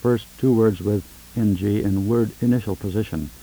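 A man leading a formal phonetics demonstration, reading English prompts in a measured, precise way on a 1970s tape recording. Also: lowish voice, warm tone, rough recording. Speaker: linguist recording a language informant.

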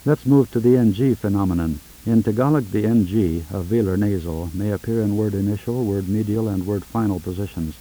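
A man with a low, very dark and mellow voice reads out a formal phonetics lesson in a measured, precise manner. He prompts an informant word by word, and it sounds like an old 1970s tape recording. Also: rough recording. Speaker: linguist recording a language informant. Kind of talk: formal scripted phonetics demonstration.

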